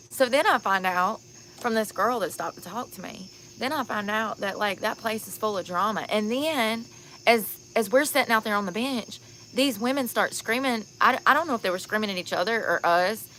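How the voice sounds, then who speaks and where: Outdoors at night, a tired, sunburnt woman vlogs casually, telling stories bluntly and candidly and laughing a lot. Her medium-pitched voice is pushed and bright at normal speed, with slight background noise.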